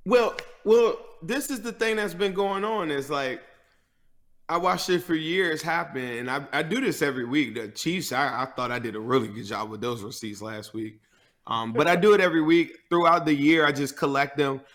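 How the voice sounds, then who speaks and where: A man's voice: a little high, normal speed, a bit bright. An American man, a guest who hosts a podcast, chatting easily about football with many fillers. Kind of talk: casual sports chat.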